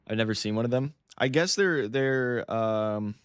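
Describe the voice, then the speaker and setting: A man's voice: medium pitch, measured pace, few pauses, clear, resonant tone, dry recording. An American man chatting casually to his live-stream chat, often laughing, swearing and stumbling over words. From United States.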